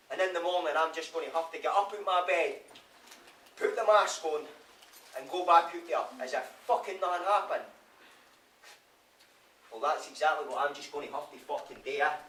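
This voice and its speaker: A man's voice: sits high, fairly bright tone. An actor with a Scottish accent playing a remorseful male prisoner in a theatre monologue, swearing constantly. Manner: raw, swearing constantly, brooding. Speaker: stage actor. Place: theatre stage. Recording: live stage, roomy, from far off.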